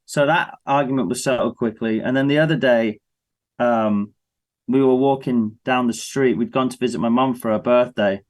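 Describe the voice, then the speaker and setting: A man in his thirties with an English accent, a guest musician on a casual interview, telling lively stories and acting out his family's voices. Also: medium pitch, moderate pace. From England.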